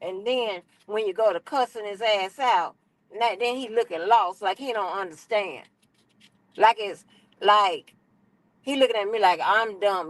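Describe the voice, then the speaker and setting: A middle-aged woman, telling a story as an animated, profane, exasperated rant on her stream. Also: medium pitch, a little slow, no room sound, rough recording.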